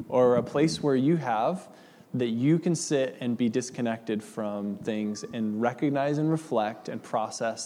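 A man giving a casual sermon to a congregation, chatty and laid-back, joking and reading scripture aloud. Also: medium pitch. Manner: relaxed, chatty, laughs easily with the congregation. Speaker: pastor. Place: church hall with audience. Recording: long hall reverb.

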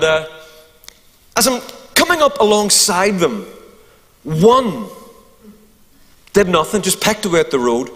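A man with a Northern Irish accent, a pastor telling a funny story to a congregation in an animated, joking way. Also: high voice, in a large hall. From Northern Ireland. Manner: animated, humorous anecdote with asides to the crowd. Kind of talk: sermon storytelling.

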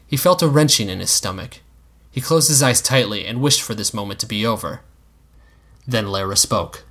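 A man narrating an audiobook in a measured storytelling manner. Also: lowish voice, sharp tone.

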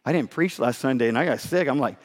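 A male pastor preaching a sermon in an emphatic, conversational way, hoarse and short of breath from losing his voice. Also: medium pitch, fast talker, big-room sound.

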